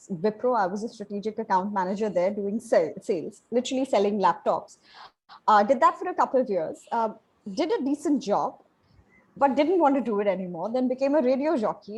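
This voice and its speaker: A woman, a panel guest telling her career story in a candid, brisk way. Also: fairly high pitch, a little mellow, breathy edge, poor audio. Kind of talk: panel discussion.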